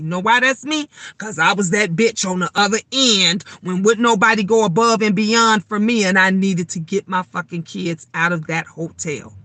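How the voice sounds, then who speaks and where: A middle-aged woman, chatting live and telling stories in a bright, forceful voice. She talks emphatically and swears freely. The sound is close and dry, with no room echo. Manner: emphatic, swears freely, gets louder and higher when riled up. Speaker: live stream host. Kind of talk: casual live chat storytelling.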